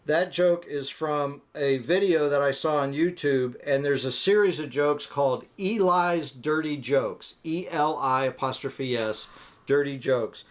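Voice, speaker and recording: A man's voice: on the high side, unhurried. Joking, rambling man on a live chat. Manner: rambling, joking, acts out voices in jokes. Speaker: co-host of a live motorcycle chat. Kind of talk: casual live-stream chat, joke telling.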